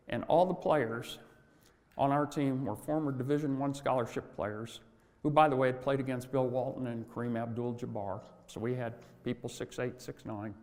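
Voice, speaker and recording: Brief: older male speaker, folksy storytelling, medium pitch, in a reverberant hall. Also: a little mellow. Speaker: speaker on workplace culture. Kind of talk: motivational talk.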